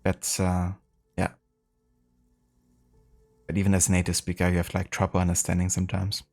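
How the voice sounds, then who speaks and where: Low-voiced streamer, rambling. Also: male voice, completely flat delivery, moderate pace, faint music behind. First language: German. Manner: rambling, full of fillers. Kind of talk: casual live-stream chat.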